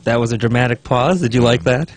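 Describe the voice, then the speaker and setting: A man's voice: mid-range voice, fast. A man co-hosting a casual talk show, teasing his partner with playful jokes. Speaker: co-host. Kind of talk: casual chat.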